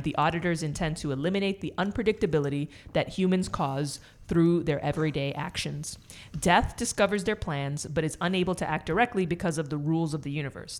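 A woman co-hosting a podcast in casual chat, rambling and joking with frequent swearing. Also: low-pitched. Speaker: podcast co-host.

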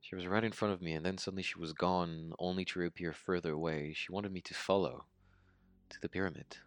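An actor playing a haunted young man who survived a massacre, retelling it in a halting, stammering way in an audio drama monologue. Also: low-pitched, fairly even intonation, no echo. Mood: grim. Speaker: survivor recounting his story.

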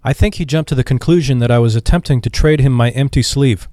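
A man's voice: mid-range voice, fast talker, mellow, dry recording, clean studio sound, lightly acted. A man reading aloud and voicing a cheerful, earnest young army veteran looking for work. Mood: eager.

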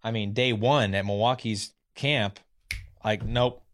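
A former professional pitcher in his thirties, a guest telling his story in a casual, animated way, often acting out what others said. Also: takes it slowly. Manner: animated, acts out quotes of others.

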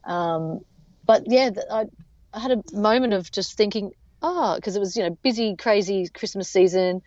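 A woman's voice: mid-range voice, moderate pace, darkish tone, dry recording. A woman, telling her story as an interview guest in a chatty way full of fillers and restarts. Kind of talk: casual storytelling. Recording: dull lo-fi sound.

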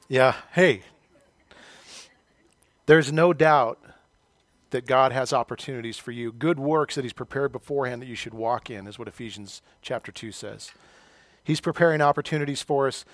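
A man's voice: medium pitch, no room sound. A middle-aged male pastor preaching a sermon, telling a personal story with self-deprecating humor.

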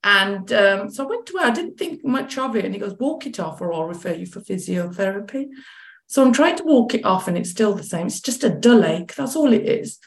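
A woman, a chronic pain coach as guest, telling a personal story in lively conversation and acting out what others said. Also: fairly high pitch, a little fast, hardly any pauses, reverberant. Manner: animated, acts out quoted dialogue.

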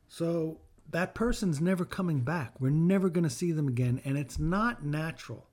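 A man's voice: a little high, normal speed, hardly any pauses, a little mellow. A middle-aged man hosting a podcast, giving a heartfelt scripture teaching in an earnest way and repeating phrases for emphasis. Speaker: podcast host and bereaved father.

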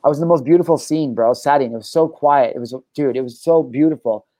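A young adult man hosting a podcast, telling stories in an excitable, profane, casual way, full of bro and dude. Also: medium pitch, quick pace, dry recording. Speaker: podcast host. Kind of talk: casual chat.

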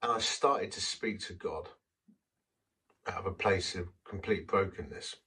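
A man's voice: low-pitched, a little slow, pushed and bright, breathy edge, distant mic, poor audio. A man preaching a sermon, telling a personal story in a conversational, self-deprecating way.

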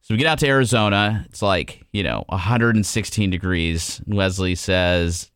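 Man, low voice, casual podcast host, animated storyteller, dry close sound. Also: moderate pace, hardly any pauses, smooth, no echo. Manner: animated storyteller acting out past dialogue. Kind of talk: casual chat.

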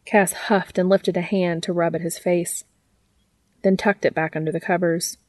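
A woman narrating a story in a calm, even reading voice. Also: fairly low pitch, normal speed, no room sound. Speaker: fanfiction reader. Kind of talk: audiobook narration.

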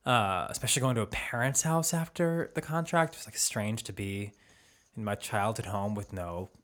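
A man's voice: on the low side, moderate pace, fairly bright tone. A man co-hosting a podcast, talking casually and reflectively and laughing easily. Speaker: podcast co-host. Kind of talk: casual chat.

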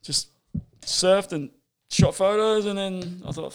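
A man's voice: high voice, slow, smooth. A middle-aged Australian man, a surf photographer, rambling through stories in casual podcast chat, swearing constantly and laughing as he goes.

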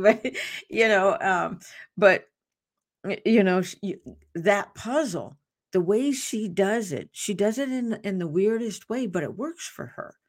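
A woman's voice: medium pitch, a little slow. A woman hosting a devotional podcast, talking earnestly and off the cuff, with restarts and asides. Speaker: podcast host.

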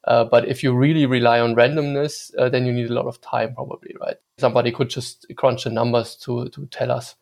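A man's voice: mid-range voice, level tone, fairly quick, vocal fry, few pauses, a little mellow. A man in casual podcast conversation, talking hesitantly and thinking aloud.

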